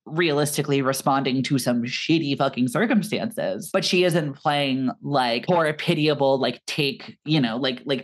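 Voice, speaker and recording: A young woman co-hosting a film podcast, talking in an animated, articulate way, with lots of "like"s. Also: very deep voice, measured pace, few pauses. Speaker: podcast co-host. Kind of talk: casual film-podcast chat.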